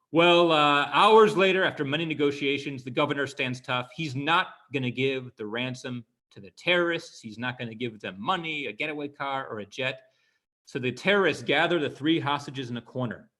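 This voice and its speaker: A man telling synagogue jokes in a relaxed stand-up storytelling style, stopping to explain Jewish terms and jumping higher for the characters' cries. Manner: voices characters with higher pitched wails.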